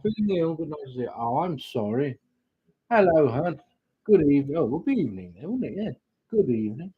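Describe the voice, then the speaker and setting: A man's voice: fairly high pitch, sing-song, fairly quick, slightly rough, highs cut off. A man, hosting a casual live stream, chatting and rambling as he greets viewers. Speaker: livestream host, witch doing readings.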